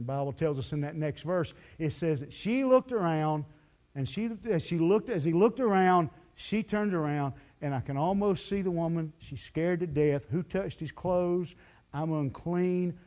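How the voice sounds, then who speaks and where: A man preaching a sermon as pastor, telling the story in a lively, folksy way full of "you know" fillers. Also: a little high, moderate pace. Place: church sanctuary.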